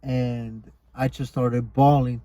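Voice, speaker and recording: A man's voice: mid-range voice, flat delivery, takes it slowly, warm tone, dry recording. A man co-hosting a podcast, telling rambling stories in loose casual chat, swearing often. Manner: loose, rambling storytelling with frequent swearing and laughs. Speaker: podcast co-host.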